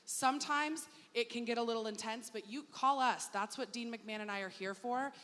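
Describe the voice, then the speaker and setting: A woman's voice: on the high side, brisk, bright, forceful tone. A woman staff member hosting an orientation panel, motherly and reassuring in manner. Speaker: staff moderator. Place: performing arts hall. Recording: long hall reverb, faint ambience.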